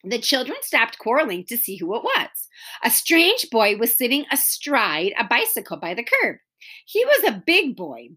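A woman reads a children's story aloud in a bright, fairly high voice. Her delivery is animated, rising and falling through each sentence to keep young listeners engaged. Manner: expressive storybook reading. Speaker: narrator. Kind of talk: reading a children's book aloud.

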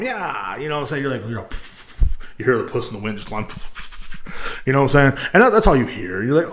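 A man's voice: mid-range voice, animated, fairly quick, a bit bright. A young man hosting his own podcast, ranting in a crude, rambling and profane way. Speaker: podcast host. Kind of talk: casual rant.

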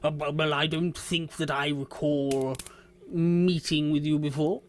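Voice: medium pitch, fairly even intonation, unhurried, lightly acted. A game master voicing a fat, pompous town official who speaks haughtily at a tabletop game. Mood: condescending.

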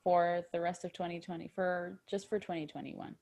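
A woman's voice: fairly low pitch, little pitch movement, normal speed, a little mellow. A young woman co-hosting a podcast in casual chat, giggly and laughing often. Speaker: podcast co-host.

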